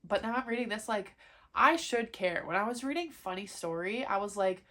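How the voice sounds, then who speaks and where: Speaking at a normal speed, the book vlogger has a medium-pitched, slightly bright voice. She chats casually about what she's been reading, venting her frustration and leaning heavily on fillers, especially "like."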